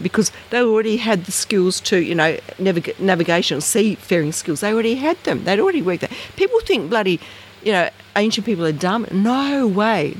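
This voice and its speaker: An Australian researcher telling a story in casual, rambling talk, acting out conversations with big jumps in pitch. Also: a little hiss or hum. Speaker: interviewee, researcher.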